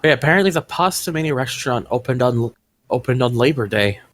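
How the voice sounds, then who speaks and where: A man's voice: medium pitch, lively intonation, quick pace, a bit bright. A man co-hosting a casual podcast chat while watching wrestling, rambling and explaining with frequent restarts. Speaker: podcast co-host.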